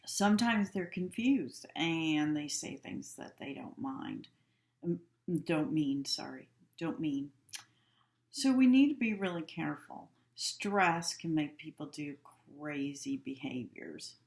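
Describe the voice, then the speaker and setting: A woman giving a practical instructional lecture on handling upset patients, calm and practical in manner. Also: low-pitched, takes it slowly, creaky. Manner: calm, practical, acts out example dialogues. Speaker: healthcare instructor. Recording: echoey room.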